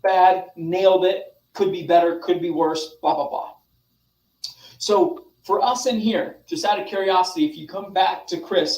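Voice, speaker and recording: A young adult man coaching a group over a video call, animated and demonstrative, talking straight to his listeners. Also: high-pitched, reverberant, recorded from a distance, rough recording. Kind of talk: motivational online session.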